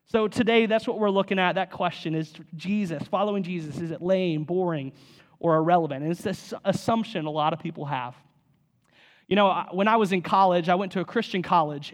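High-voiced casual young male pastor. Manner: casual, conversational, many "you know" asides. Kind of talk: sermon.

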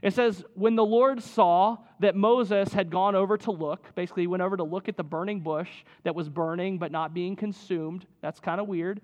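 A man's voice: sits high, steady tone, moderate pace, few pauses, darkish tone. A man preaching a sermon in a conversational way, often checking in with "right?" as he reads and explains scripture. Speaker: pastor.

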